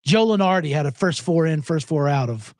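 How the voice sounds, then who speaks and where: A man hosting a podcast, chatting casually and rambling through stories, acting out other people's lines in loud, higher voices. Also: expressive, a little fast, dry recording, clean studio sound. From South Jersey, USA. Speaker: podcast host. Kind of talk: casual chat.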